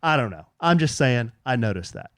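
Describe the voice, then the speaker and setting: A middle-aged man co-hosting a podcast, telling a story in casual chat and jumping up high whenever he quotes someone. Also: brisk, dry recording, clean studio sound. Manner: animated, jumps high when quoting people. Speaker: podcast co-host.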